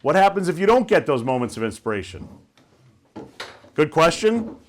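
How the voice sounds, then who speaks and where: A man's voice: fairly high pitch, big pitch swings, moderate pace, a little hiss or hum. Male guest speaker, casual storytelling talk, checks in with the audience. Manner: conversational, asks listeners questions.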